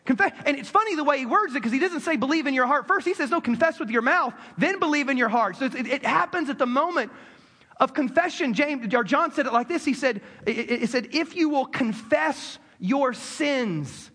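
A man preaching a sermon in a conversational way, with quick asides, acted-out quotes and frequent restarts. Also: very high voice, lively intonation, bright, forceful tone. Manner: repeats words as he restarts. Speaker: pastor.

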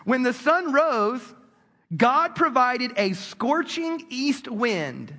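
A man preaching a sermon in a church hall, animated and calling on the congregation to respond. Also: extremely high pitch, slow pace. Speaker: pastor. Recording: long hall reverb.

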